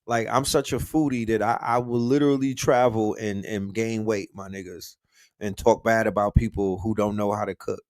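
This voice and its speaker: A man hosting a casual livestream, talking in slang and shouting out the cities his viewers are watching from. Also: lowish voice, steady tone, normal speed, dry recording, studio quality. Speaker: livestream host.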